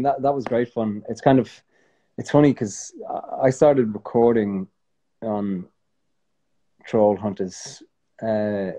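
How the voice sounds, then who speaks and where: An Irish man talking casually as a guest in an interview, relaxed and rambling, with many fillers and restarts. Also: lowish voice, muffled recording. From Ireland.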